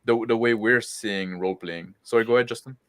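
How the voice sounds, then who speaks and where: A man hosting a casual group chat, rambling with many pauses about his gaming year. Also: lowish voice, steady tone, a bit bright, dry recording. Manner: rambling, hesitant with fillers.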